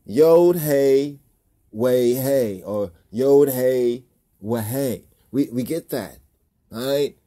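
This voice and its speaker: A man's voice: medium pitch, very slow, mellow. A man hosting a religious video, talking in a casual monologue full of repeated rhetorical questions and chuckles.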